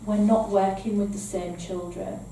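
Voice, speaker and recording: A woman's voice: mid-range voice, steady tone, moderate pace, dark tone, a little hiss or hum. Northern English woman training foster carers. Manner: explanatory, repeats points with rhetorical "okay?". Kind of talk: training presentation. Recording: echoey room, mic at a distance, faint ambience.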